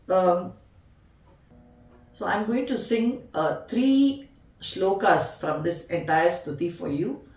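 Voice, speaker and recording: A patient woman walks a student through a veena lesson, counting beats and naming each note. She speaks at an unhurried pace in a mid-range voice. The recording sounds roomy, as if the mic is some distance away, with faint veena playing behind her. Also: mid-range voice. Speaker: veena teacher. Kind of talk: music tutorial explanation.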